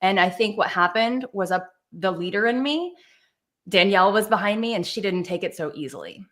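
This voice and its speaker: A young woman with a Southern American accent, telling stories as a guest on a video-call interview, animated and quick to laugh, with restarts. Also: mid-range voice. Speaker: guest speaker, dance teacher. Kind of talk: conversational interview storytelling. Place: virtual event, video call. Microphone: video call microphone.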